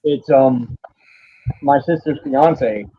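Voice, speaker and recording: A man, a podcast guest telling a painful personal story in a halting, profane way, stopping now and then to steady himself. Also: mid-range voice, slight background noise. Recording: dull lo-fi audio.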